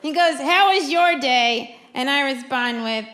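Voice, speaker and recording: A woman performing a stand-up comedy set, telling a story and acting out quoted lines with animated delivery. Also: high-pitched, measured pace. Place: comedy club stage with audience. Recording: live club recording with crowd noise. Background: audience laughter.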